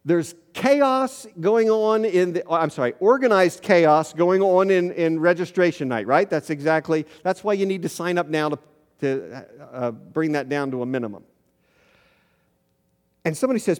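A man's voice: fairly high pitch, expressive, moderate pace, clean tone. A middle-aged man preaching a sermon as pastor, telling stories and rising in volume to stress his points. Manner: storytelling, rising loud for emphasis. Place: church sanctuary. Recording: long hall reverb.

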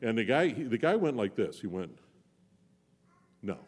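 A man's voice: mid-range voice, big pitch swings, brisk, heavy background noise. A man giving a sermon as a visiting preacher, in a folksy, joking, conversational way. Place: church. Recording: long church reverb.

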